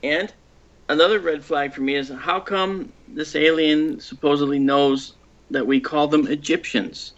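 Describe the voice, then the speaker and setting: A skeptical, wry man as a guest in a casual chat, quick to jump in. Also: a little high, steady tone. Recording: dull lo-fi remote line.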